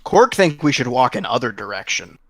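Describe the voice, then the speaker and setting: A man's voice: mid-range voice, sing-song, a little fast, a bit bright, no room sound. A man playing a blunt broken-speaking barbarian. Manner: broken grammar, talks of himself in third person. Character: gruff simple-spoken male barbarian with an axe.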